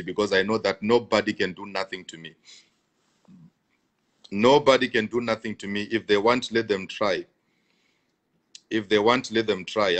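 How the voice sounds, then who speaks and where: A man's voice: fairly low pitch, a bit bright. Emphatic pastor repeating his points. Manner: emphatic, repeats lines, laughs between points. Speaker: pastor live-streaming to viewers. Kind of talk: live-stream talk answering viewer comments.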